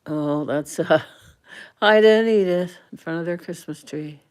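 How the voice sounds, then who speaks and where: A woman's voice: fairly low pitch, unhurried, darkish tone, clear, resonant tone. A woman in her sixties chatting casually to viewers on a livestream, rambling and chatty, full of fillers and restarts. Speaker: livestream host.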